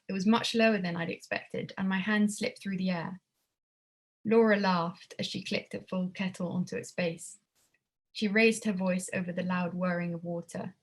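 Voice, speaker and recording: A woman reading her own prose at a literary evening, measured with a wry tone. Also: mid-range voice. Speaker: student writer reading her work.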